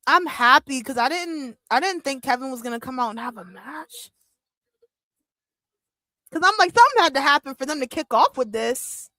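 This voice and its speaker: This livestream watch-along host is a young adult woman with a high voice, reacting live at a moderate pace. Excitable, she squeals and breaks into laughter, captured dry and close with no room sound.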